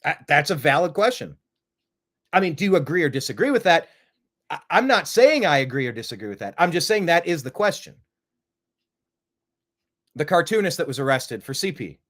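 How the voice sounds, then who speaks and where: A man's voice: fairly high pitch, big pitch swings, a little fast, long pauses, fairly bright tone. Opinionated man hosting a live stream. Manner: rambling, rhetorical questions, emphatic. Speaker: host.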